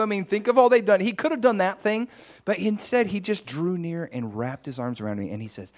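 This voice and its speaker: A man preaching a sermon, telling a personal testimony in an animated storytelling way, with sudden high, excited bursts. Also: a little fast.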